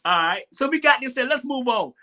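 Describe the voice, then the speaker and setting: A man's voice: very high-pitched, animated, brisk, pushed and bright. A man hosting a casual live-stream talk show, rambling and repeating himself as he jokes and complains. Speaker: show host.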